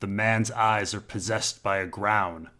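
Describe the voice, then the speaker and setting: Grim storybook knight, read by a man, low, measured and stern. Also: steady tone, sharp tone.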